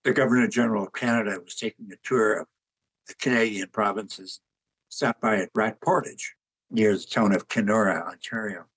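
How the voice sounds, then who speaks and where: Older man, husky, unhurried anecdotal interview guest. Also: lowish voice, poor audio. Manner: relaxed anecdotal, chuckles at his own jokes. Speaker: author and artist guest. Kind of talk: conversational interview storytelling.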